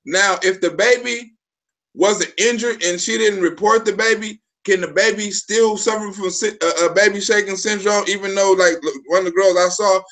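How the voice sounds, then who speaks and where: Male livestream host with a high voice. Loose street slang, swearing, sudden loud bursts. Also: fairly even intonation, moderate pace. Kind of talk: casual livestream chat.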